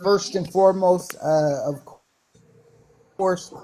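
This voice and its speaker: Halting high-voiced man calling in. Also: warm tone, slight background noise, low-quality recording. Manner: halting, many fillers and restarts. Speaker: caller. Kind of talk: casual chat.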